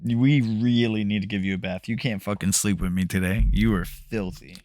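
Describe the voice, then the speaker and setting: A man's voice: on the low side, fairly even intonation, normal speed, a little mellow, dry recording. A man co-hosting a real estate market update in casual chat, loose and profane and often laughing.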